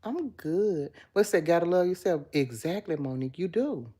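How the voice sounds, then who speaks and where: A woman's voice: on the low side, expressive, moderate pace, mellow, breathy edge. A woman hosting a casual livestream, chatting with viewers, reading their comments aloud and calling them girl and baby. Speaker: livestream host.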